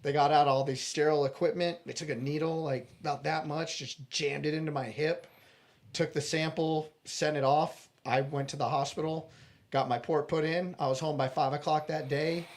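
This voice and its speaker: A man's voice: on the high side, steady tone, normal speed. A man guest in a podcast interview, earnestly telling a personal story and acting out the dialogue, with frequent restarts.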